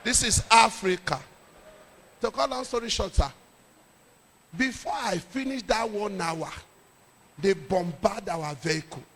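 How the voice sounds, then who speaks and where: A middle-aged Nigerian man, a pastor, telling a lively story in a sermon with jokes and pidgin. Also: high voice, unhurried, long pauses, slightly rough, in a large hall.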